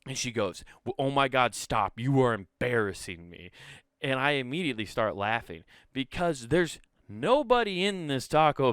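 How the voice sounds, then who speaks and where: A man hosting a comedy podcast, telling a rambling, profane story and jumping into animated voices for quotes. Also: medium pitch, clear, resonant tone, dry recording, studio quality. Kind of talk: casual comedic monologue.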